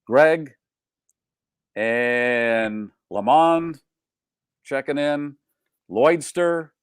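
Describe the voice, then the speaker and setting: Male show host, mid-pitched, wisecracking, reads listener names, dry close studio mic. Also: extremely slow, clear, resonant tone, no echo. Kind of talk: casual live show banter.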